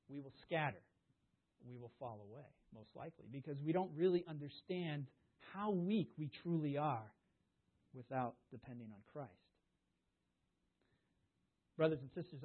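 A man preaching in a slightly high, husky voice, leaning hard on key words and then sinking almost to a murmur. The sound is thin and tinny, like a phone line. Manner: emphatic, swings from loud stresses to hushed asides. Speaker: pastor. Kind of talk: sermon.

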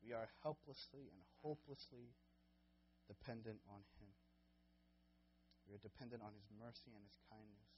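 A man's voice: fairly low pitch, fairly even intonation, normal speed, long pauses, highs cut off, slight background noise. Earnest male pastor preaching a sermon. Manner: earnest, rising to impassioned pleading when quoting.

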